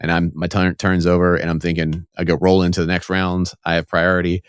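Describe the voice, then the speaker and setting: A man's voice: low voice, completely flat delivery, brisk, smooth, no room sound, studio quality. A man co-hosting a casual podcast, explaining game rules step by step with enthusiasm. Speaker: podcast co-host.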